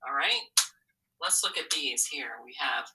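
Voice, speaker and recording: A woman teaching a phonics lesson to children, patient and encouraging, asking questions and pausing for answers. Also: extremely low pitch, sharp tone, distant mic, rough recording.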